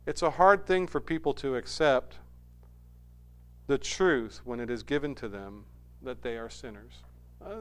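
A man delivering a sermon in a smooth, clear voice of middling pitch. He drops to low, quiet lines, then builds to loud, insistent emphasis. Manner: rising to emphatic, forceful stretches, then dropping low and quiet. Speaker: preacher.

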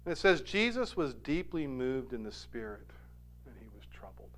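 A man preaching a sermon, rising to loud emphatic peaks and dropping to quiet, soft asides, acting out quoted lines with feeling. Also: medium pitch, sing-song, normal speed.

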